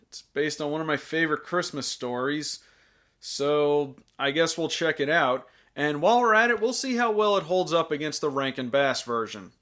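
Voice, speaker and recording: A man's voice: a little high, lively intonation, moderate pace, a bit bright. A man hosting a scripted film review with sarcastic, jokey asides.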